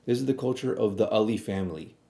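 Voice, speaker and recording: Blunt, mellow-voiced man reacting. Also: lowish voice, quick pace, creaky. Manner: blunt, argumentative, rambling with restarts. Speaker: streamer reacting to a video. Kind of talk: casual reaction commentary.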